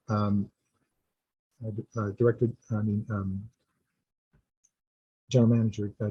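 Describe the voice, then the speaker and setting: A man making a public comment at a community board meeting, earnest and halting, with many restarts. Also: lowish voice, a little mellow, husky, no echo, rough recording.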